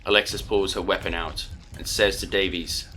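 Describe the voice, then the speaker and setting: A man reading an audiobook story as narrator, steady and earnest. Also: sits low, moderate pace. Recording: narration over music.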